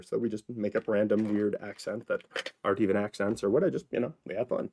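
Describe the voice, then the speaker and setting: Mellow low-voiced man rambling playfully. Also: steady tone, fast talker, slight background noise. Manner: rambling, playful, chatty asides to viewers. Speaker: vlogger and actor. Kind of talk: casual solo vlog monologue. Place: at home, indoors.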